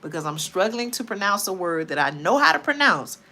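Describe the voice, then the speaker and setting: A woman's voice: medium pitch, big pitch swings, a little fast, pushed and bright. A woman hosting a late-night livestream, tired and chatty, often talking to viewers as y'all. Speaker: livestream host. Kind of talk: casual livestream talk.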